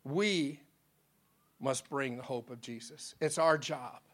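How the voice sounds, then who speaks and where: A man's voice: medium pitch, slow, fairly bright tone. A male pastor preaching in a conversational, earnest way and telling a dramatic story.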